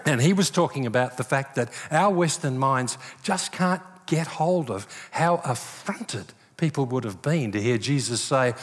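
The long reverb of a big church hall surrounds an older pastor's sermon, delivered in a mid-range voice, a little slow and with hardly any pauses. He's an animated storyteller, acting out each voice he quotes.

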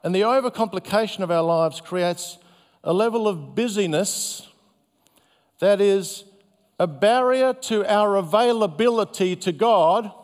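A male pastor giving a sermon in a gentle, conversational, self-deprecating way. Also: high voice. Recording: long hall reverb.

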